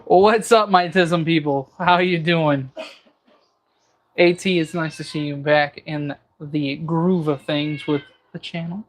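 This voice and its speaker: A man's voice: a little high, fairly even intonation, slow pace. A man hosting a casual livestream from his kitchen, cooking as he talks and joking through viewer comments. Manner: jokey banter, reading viewer comments aloud. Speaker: livestream host.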